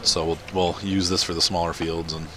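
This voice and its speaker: Playing a farming game at home, this let's-play gamer speaks in a low, level voice that's fairly quick, pushed, and bright. He rambles casually through his commentary and laughs often.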